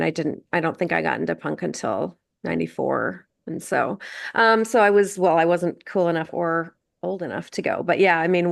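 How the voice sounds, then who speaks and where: Canadian woman host, middle-aged, lowish creaky voice, loose chatty interviewer. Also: dry recording, studio quality. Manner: chatty, many fillers and restarts. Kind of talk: casual conversational interview.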